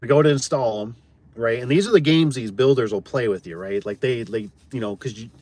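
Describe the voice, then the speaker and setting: A man's voice: medium pitch, fairly quick, a little mellow, no room sound. A man who runs a garage door business, telling a job story in a rambling, blunt, folksy way and often repeating his words. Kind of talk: casual storytelling chat.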